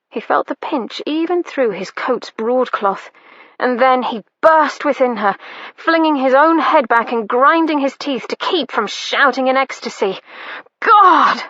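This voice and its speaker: A woman narrating an audiobook with a slow, unhurried delivery. Her voice is bright and clear, recorded close with a dry sound and slightly dull quality. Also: on the high side, dry recording. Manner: slow, measured reading. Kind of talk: scripted narration.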